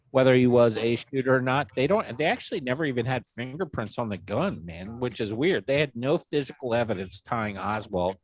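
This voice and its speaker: A man co-hosting a casual podcast, swearing freely and jumping high for quoted voices. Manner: animated, swearing, jumps pitch for quoted voices. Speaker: podcast co-host.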